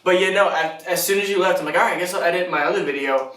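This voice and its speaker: A man's voice: high voice, racing, a bit bright. Joking man co-hosting, echoey room. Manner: joking, rambling, laughs often. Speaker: podcast co-host. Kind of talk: casual chat. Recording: echoey room, mic at a distance.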